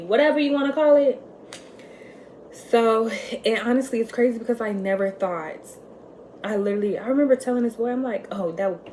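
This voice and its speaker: A woman's voice: medium pitch, slight background noise. Chatty young woman telling her story. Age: young adult. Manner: candid and chatty, many "like" fillers, swings between loud and quiet. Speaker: vlogger. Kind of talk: casual storytelling monologue.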